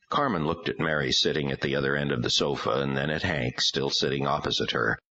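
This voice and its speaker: Man reading an audiobook, low gravelly husky voice, really expressive, dull lo-fi sound. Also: brisk, few pauses, no echo. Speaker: audiobook narrator. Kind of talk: scripted narration with dialogue.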